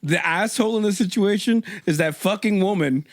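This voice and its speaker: A man's voice: high-pitched, brisk. A man co-hosting a comedy podcast who cuts in with blunt, crude remarks in casual banter. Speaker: podcast co-host.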